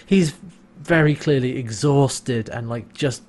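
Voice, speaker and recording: A man in a relaxed podcast chat, walking through a TV episode scene by scene. He quotes the dialogue in a lowered voice and breaks into laughter now and then. His pitch sits in an ordinary middle range. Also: slow. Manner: relaxed, retells scenes by quoting lines, laughs often. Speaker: podcast co-host. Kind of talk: casual chat recapping a TV episode.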